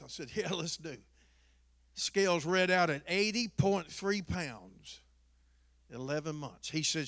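A man's voice: fairly high pitch, expressive, unhurried, creaky, a bit bright, in a large hall. A man preaching, telling a folksy story that builds to an emphatic point. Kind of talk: sermon illustration, storytelling.

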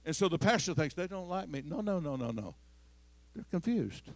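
High-voiced preacher, dry sound. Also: male voice, very animated, moderate pace, dry recording. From Missouri. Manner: swings from soft storytelling to loud, rising preaching. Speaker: pastor. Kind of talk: sermon.

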